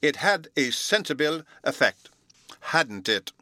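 A man reading a storybook aloud, voicing a fussy, absent-minded old male professor who lectures in a slow, pompous way. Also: a little high, very animated, bright, forceful tone, pitched above the performer's own voice, heavily acted. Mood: pompous lecturing.

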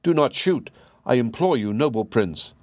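A man's voice: medium pitch, animated, normal speed, darkish tone, dry recording, natural voice. Storybook wood pigeon, a small pleading bird read by a man, raised voice, dry sound.

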